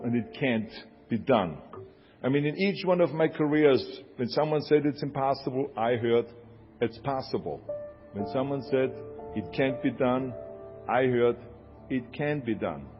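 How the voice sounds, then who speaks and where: Emphatic older man, Austrian accent. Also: medium pitch. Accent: Austrian German. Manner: emphatic, repeats lines for effect. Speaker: motivational speaker. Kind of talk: motivational speech. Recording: dull lo-fi speech over music. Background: music bed.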